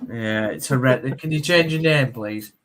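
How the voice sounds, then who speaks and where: A man's voice: medium pitch, a crowd in the background. A man with a Yorkshire accent hosting a football show, reading results and chatting casually. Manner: rapid, halting with fillers and restarts.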